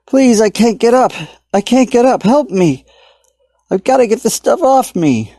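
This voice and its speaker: A man's voice: lively intonation, a little slow, warm tone, no echo, studio quality. A man voicing a panicked young man stuck in place, pleading desperately for help. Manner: desperate, high-pitched pleading.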